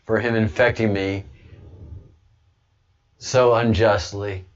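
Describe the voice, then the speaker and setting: Rambling low-voiced male livestream host. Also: flat delivery, takes it slowly, dull audio. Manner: rambling, with frequent restarts and fillers. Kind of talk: casual monologue to viewers.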